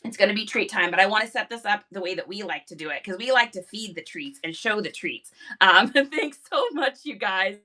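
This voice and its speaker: A woman hosting a casual live stream, bubbly and excitable, talking into a phone. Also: brisk. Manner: bubbly, excitable, high-energy. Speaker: live-stream reseller host.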